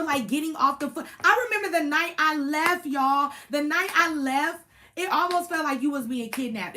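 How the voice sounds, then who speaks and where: A woman, chatting casually to camera about her Marine days, animated and full of slang and laughter. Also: high-pitched, a little hiss or hum. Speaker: Marine veteran vlogger.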